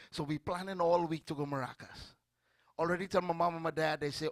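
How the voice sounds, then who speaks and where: A middle-aged man with a Trinidadian accent preaching a sermon, animated and storytelling, calling out to his congregation. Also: a little high, brisk, no room sound. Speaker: pastor.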